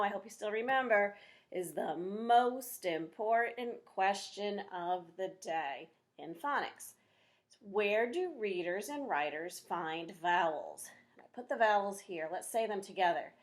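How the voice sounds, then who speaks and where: Woman, teacher, phonics lesson, slow clear delivery, encouraging, mid pitch. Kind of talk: recorded phonics lesson for young students.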